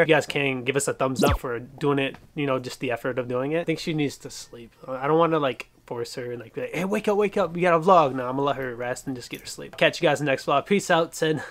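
A young man hosting a casual vlog, talking loudly and teasing as he speaks straight to the camera. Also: mid-range voice, no room sound. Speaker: vlogger host. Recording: noisy handheld recording.

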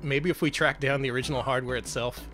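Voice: mid-range voice, steady tone, quick pace, fairly bright tone, faint music behind. A streamer playing a retro game live, wry and jokey, yelping at the action. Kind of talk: casual gaming stream commentary.

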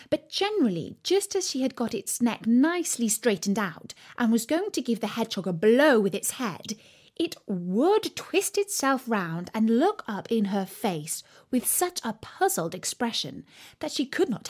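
Slow, expressive woman reading a storybook. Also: mid-range voice. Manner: expressive, acts out the characters.

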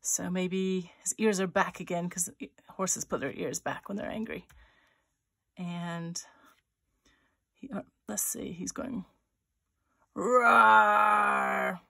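A woman's voice: on the low side, takes it slowly, gravelly, slightly rough. A woman author-illustrator leading a children's drawing tutorial, thinking aloud as she sketches and chatting playfully. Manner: voices little sound effects for her drawings.

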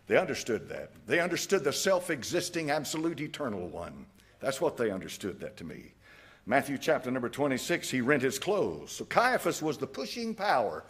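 A man's voice: medium pitch, wildly swooping pitch, moderate pace, fairly bright tone. A man preaching a sermon in a folksy, emphatic way, chuckling at his own jabs. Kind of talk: fiery evening sermon.

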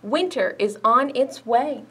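A woman's voice: on the high side, slow, a bit bright, breathy edge, heavily acted. A woman voicing a full, contented woodchuck who talks with a sigh, in a children's picture book read-aloud. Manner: sighing, contented.

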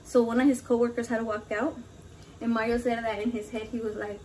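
A woman's voice: a little high, little pitch movement, fairly quick, darkish tone, slight background noise. A brash woman chatting in a casual cooking vlog from her home kitchen, swearing constantly and mixing in Spanish words. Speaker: home cook vlogger.

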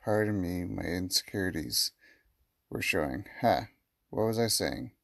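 Slow, gravelly man playing a game. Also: sits low, animated, fairly bright tone, dry recording, clean studio sound. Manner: reads in-game chat messages aloud. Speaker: gaming channel host. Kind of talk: let's play commentary.

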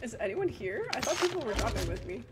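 Giggly woman streaming a game, lively voice. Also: fairly high pitch, quick pace, very noisy. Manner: chatty, laughs often, excitable outbursts. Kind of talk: casual livestream chat while gaming.

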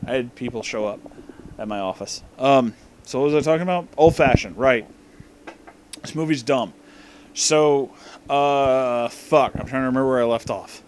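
A man's voice: mid-range voice, normal speed, long pauses, noisy background. A drunk man rambling through a profane, meandering movie commentary, often losing his place, recorded in his office. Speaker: movie reviewer.

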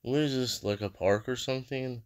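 A man's voice: mid-range voice, normal speed, clean tone. A man hosting a reaction video, musing aloud in a rambling, casual way with lots of fillers.

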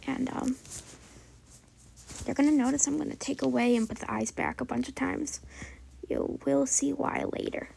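High-voiced woman with heavy vocal fry, hesitant casual drawing narration, noisy home recording. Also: fairly even intonation, normal speed, long pauses. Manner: hesitant, many fillers, often drops to a soft whisper. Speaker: drawing channel host.

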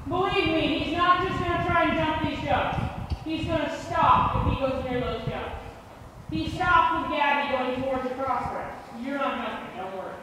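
A woman coaching a riding lesson, calm and instructive, recorded from afar in a riding arena. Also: sits high, normal speed, heavy reverb, long reverb tail, far from the mic, background noise.

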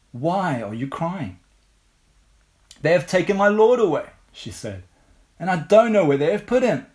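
An Englishman with an English accent delivers a sermon at an unhurried, measured pace, relying heavily on rhetorical questions. His voice sits at a medium pitch.

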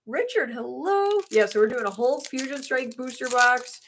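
A woman's voice: a little high, fairly even intonation, fairly quick, fairly bright tone, slight background noise. A woman streaming live, bubbly and chatty, greeting viewers as she opens trading card packs. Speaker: streamer opening trading cards.

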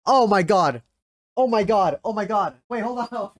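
Excitable swearing young man, dry sound. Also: high voice, moderate pace, dry recording. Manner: excitable, swears a lot, bursts into loud yells. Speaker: anime reaction YouTuber. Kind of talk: casual reaction commentary.

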